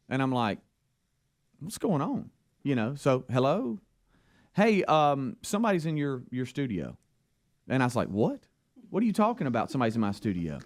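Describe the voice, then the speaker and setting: A man with a Southern US accent, a radio co-host telling a rambling story in casual talk on air, acting out the phone calls in it. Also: mid-range voice. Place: radio studio.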